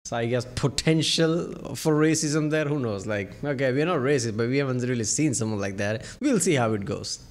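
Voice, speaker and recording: Mid-pitched male co-host, skeptical and musing, casual chat. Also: lively intonation, moderate pace, hardly any pauses. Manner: skeptical, speculative questioning with many fillers. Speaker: podcast co-host.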